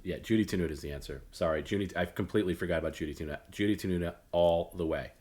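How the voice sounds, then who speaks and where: Low-voiced blunt rambling man. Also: rapid-fire, darkish tone. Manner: rambling, opinionated, blunt with many fillers and restarts. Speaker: host. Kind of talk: late-night solo talk stream.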